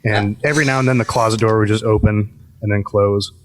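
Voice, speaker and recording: A man on a podcast telling a ghost story casually, with lots of uhs and restarts. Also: fairly low pitch. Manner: relaxed, halting with many fillers. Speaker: podcast guest.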